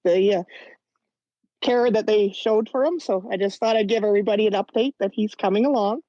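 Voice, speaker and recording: A woman calling into a live show to give an update on her dog, relaxed and brief. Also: medium pitch, a little fast, no room sound. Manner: plain, laid-back, brief answers. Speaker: caller sharing pet news. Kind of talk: casual call-in chat. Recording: dull lo-fi call audio.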